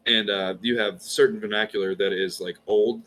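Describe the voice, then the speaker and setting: A podcast guest from Georgia with a light Southern accent chats casually and tells stories, pronouncing his words carefully. His voice is fairly low and a bit bright, with a moderate pace, fairly even intonation, and slight background noise.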